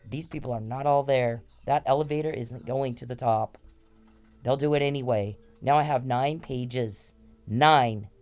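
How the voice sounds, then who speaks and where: A woman's voice: a bass voice, darkish tone. Angry woman venting on a vlog, swears a lot, keeps hammering the same point. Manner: confrontational, profane, repetitive. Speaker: vlogger. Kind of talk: angry direct-to-camera rant.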